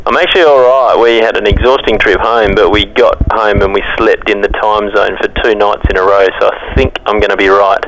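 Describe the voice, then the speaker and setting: Australian man, low voice, bright and forceful, chatty podcast guest. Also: steady tone, fairly quick, hardly any pauses, poor audio. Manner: upbeat and chatty, with laughs. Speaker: weed management expert guest. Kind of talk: casual podcast chat. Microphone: phone line.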